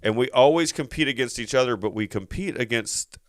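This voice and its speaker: Male podcast host, smooth clean voice, dry close sound, rambling chat. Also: medium pitch, a little fast, dry recording. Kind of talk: casual comedy podcast chat.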